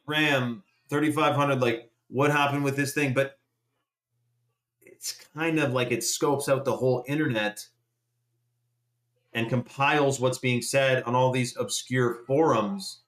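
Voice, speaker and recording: A man's voice: mid-range voice, fairly bright tone. A man hosting a live stream, ranting casually in a rambling, profane way. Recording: roomy echoey room.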